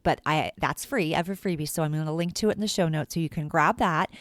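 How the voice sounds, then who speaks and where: A middle-aged woman with a low voice hosts a casual podcast, telling school stories in an animated, chatty way. She leans on "like" and acts out the quotes. The recording is close and dry. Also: quick pace, no echo. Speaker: teacher and podcast host.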